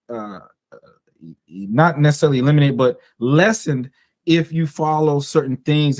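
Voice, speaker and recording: A man hosting a podcast, asking questions in a relaxed, casual way and often chuckling along. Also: fairly high pitch, no echo. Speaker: podcast host. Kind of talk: casual interview chat.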